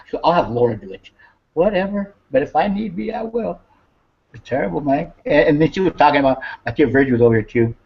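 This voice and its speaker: A man's voice: a little high, animated, a little fast, gravelly, long pauses. Rambling fifty-something man, lo-fi. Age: 50s. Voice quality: profane, rambling, repeats himself. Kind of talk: casual chat. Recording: dull lo-fi recording.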